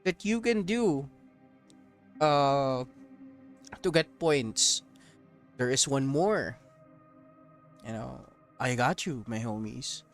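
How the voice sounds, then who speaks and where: A man's voice: mid-range voice, expressive, slow pace, pauses often, faint music behind. A man streaming a mobile game, giving casual, joking commentary to his viewers. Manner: joking, profane, talks to viewers as homies.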